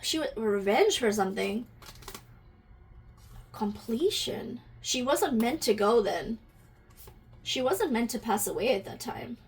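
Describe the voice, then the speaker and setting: A woman's voice: a little high, lively intonation, slow pace, pauses often, breathy edge. A woman giving an intuitive energy reading to camera, musing aloud, asking questions and talking directly to her viewers, easily moved to emotion.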